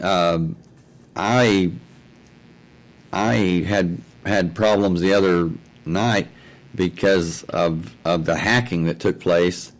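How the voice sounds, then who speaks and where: Give me an unhurried man talking on his own show, rambling through a story. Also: sits low, fairly even intonation, low-quality recording. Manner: rambling, frequently repeats "I said" and "he says". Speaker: host of an online talk show. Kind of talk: casual spoken storytelling. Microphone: own mic and mixer setup at home.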